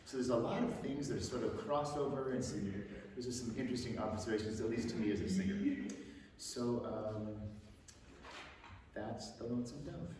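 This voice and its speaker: A man's voice: medium pitch, expressive, moderate pace, background noise. Man speaking from far off in an echoey hall. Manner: chatty, rambling, with frequent restarts. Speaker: bass singer introducing a song. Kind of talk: spoken introduction at a concert. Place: concert hall stage.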